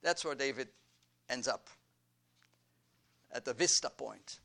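Slow, emphatic preaching man. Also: medium pitch, creaky, bright, forceful tone. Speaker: pastor. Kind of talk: sermon.

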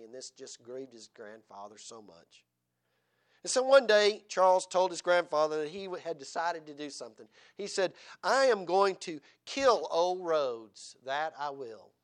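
A male pastor preaching a sermon, swinging dramatically between loud exhortation and hushed tenderness, with frequent chuckles. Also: a little high.

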